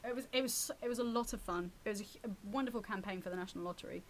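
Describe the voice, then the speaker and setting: A woman actress and comic chatting as a radio interview guest, telling stories with lively acted-out asides. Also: mid-range voice, slight background noise. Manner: quick, animated storyteller who acts out quotes. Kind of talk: casual radio interview chat.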